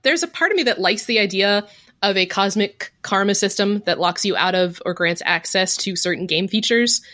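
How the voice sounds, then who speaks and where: Woman, young adult, podcast co-host, casual talk, blunt, swears a lot, mid pitch. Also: normal speed, no echo. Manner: blunt, swears freely, animated.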